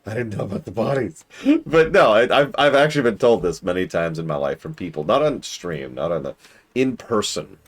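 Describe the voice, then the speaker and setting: A man's voice: on the low side, lively intonation, fairly quick. A man streaming a game, chatting casually in a wry, self-mocking way.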